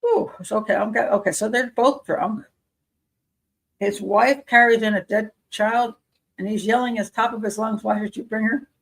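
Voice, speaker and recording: A woman's voice: fairly high pitch, normal speed, poor audio. A woman hosting a live show as a criminal profiler, reading news aloud with skeptical, muttered asides and self-corrections.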